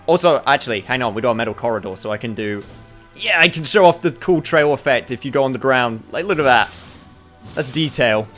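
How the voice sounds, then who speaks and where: A man streaming a game demo, talking casually and excitedly as he plays. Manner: excitable, enthusiastic, quick shifts in pitch. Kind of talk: casual gameplay commentary.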